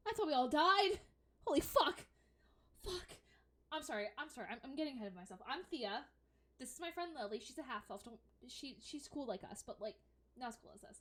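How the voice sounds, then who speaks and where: Thea, a woman playing a gushing young wood elf. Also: high voice. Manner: rambling, excitable, swearing, apologetic.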